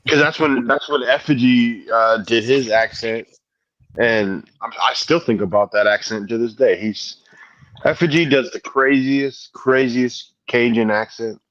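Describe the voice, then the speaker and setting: A man's voice: mid-range voice, steady tone, a little slow, fairly bright tone, no echo. Joking man on a dull dry mic. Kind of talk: casual group chat on a stream.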